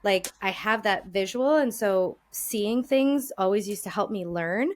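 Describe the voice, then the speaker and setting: A woman's voice: mid-range voice, measured pace. A tired woman chatting as a podcast guest, gushing and enthusiastic, laughing often. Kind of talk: casual chat.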